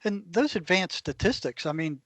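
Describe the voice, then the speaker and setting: A man sits in as a guest and tells stories with animation, jumping into the voices of the people in them. His voice sits a little high. The sound is dry, with no room around it. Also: moderate pace, dry recording. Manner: animated anecdotes, acts out others' lines. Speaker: former clinician. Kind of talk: conversational storytelling.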